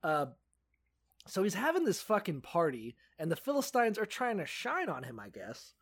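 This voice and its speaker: Young guy, gravelly and lively, sarcastic and sweary, dry close mic. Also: high-pitched, moderate pace, no echo. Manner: profane, sarcastic, puts on voices for characters. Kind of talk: casual podcast chat retelling a Bible story.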